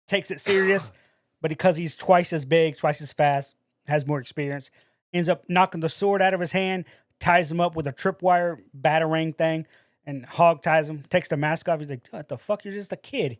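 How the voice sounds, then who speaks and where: A man's voice: a little high, steady tone, normal speed, no room sound, clean studio sound. A man co-hosting a podcast, telling a story animatedly and acting out the quotes in casual talk. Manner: casual, says "bro". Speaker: podcast co-host.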